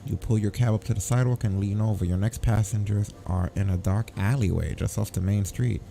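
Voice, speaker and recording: A man hosting a let's play, reading the game's text aloud with wry, deadpan asides. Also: on the low side, fairly quick, gravelly, faint music behind.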